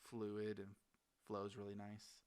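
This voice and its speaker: A man co-hosting a casual gaming podcast, excitable and rambling, swearing often. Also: fairly low pitch, takes it slowly, clean tone. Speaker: podcast co-host. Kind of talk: casual chat.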